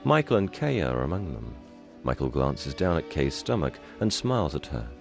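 Very deep-voiced man narrating audio description. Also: big pitch swings, moderate pace, creaky, faint music behind.

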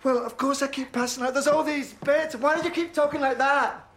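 A man's voice: very high voice, fairly even intonation, a little fast, a bit bright, soft background music. A freshly changed alien doctor in a TV drama, an older man who rambles in bewildered, indignant bursts. He fusses over everything around him, offhand and cranky at once. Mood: baffled, ranting. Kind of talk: TV drama acting.

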